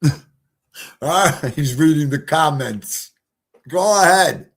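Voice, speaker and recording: A man with a fairly high voice hosting a livestream from home. He talks slowly and loosely, rambling from one thing to the next and getting emotional along the way. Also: lively intonation, vocal fry. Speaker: livestream host. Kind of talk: casual chat.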